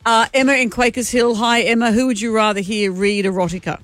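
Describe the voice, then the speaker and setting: A woman's voice: a little high, steady tone, brisk, fairly bright tone, no room sound. A middle-aged woman co-hosting a radio show, teasing her partner and taking calls. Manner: teasing, laughing, fielding callers. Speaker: radio co-host. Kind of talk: casual radio banter.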